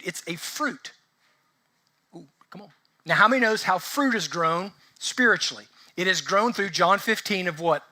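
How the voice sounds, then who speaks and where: A man preaching a casual, conversational sermon as pastor, asking the congregation lively rhetorical questions. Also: high-pitched.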